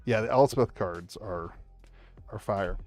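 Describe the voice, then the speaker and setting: Opening card packs for his live-stream viewers at a table at home, a man gets excitable, cheering and shouting about big pulls while rambling and restarting sentences. His voice is on the low side and slow-paced. The recording has no room sound, with soft background music.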